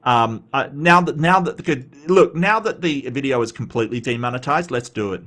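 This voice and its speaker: A man's voice: mid-range voice, lively intonation, moderate pace, fairly bright tone. An Australian man hosting a casual commentary show, rambling and blunt, swearing freely and answering his chat. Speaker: commentary host.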